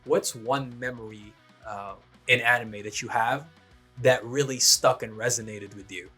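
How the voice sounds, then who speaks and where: A man co-hosting a casual podcast, asking questions in a relaxed, thoughtful way. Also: mid-range voice, a little slow, slightly rough, faint music behind. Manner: relaxed, thoughtful, uses fillers. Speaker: podcast co-host. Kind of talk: casual chat.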